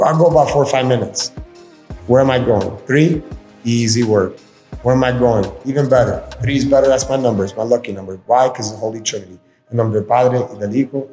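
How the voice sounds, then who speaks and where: A man's voice: medium pitch, a little mellow. A man hosting a casual podcast monologue, laid-back and earnest, slipping into Spanish phrases. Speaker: podcast host. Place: inside his community shop. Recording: roomy sound with faint background music.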